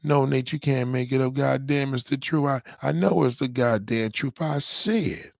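A man rants on his livestream, loud and rambling, circling back to the same catchphrases. His voice sits at an ordinary middle pitch. The sound is dry and close, with no room echo. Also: normal speed, creaky. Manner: loud, rambling, repeats catchphrases, heavy swearing. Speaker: livestream host. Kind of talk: profane livestream rant.

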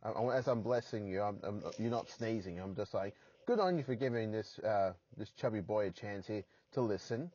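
A man's voice: fairly low pitch, moderate pace, darkish tone, slightly rough, lo-fi sound. An Australian man hosting a solo podcast from his parked car, rambling and poking fun at himself with crude jokes. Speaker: podcast host.

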